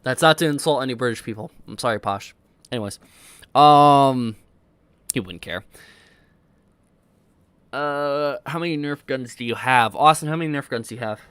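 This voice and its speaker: A man's voice: mid-range voice, moderate pace, pauses often, a bit bright, smooth, dry recording. A man in his twenties from Iowa, rambling and correcting himself as he casually answers viewer questions on a stream. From Iowa, United States. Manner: rambling, self-correcting, easygoing. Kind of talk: casual livestream Q&A chat.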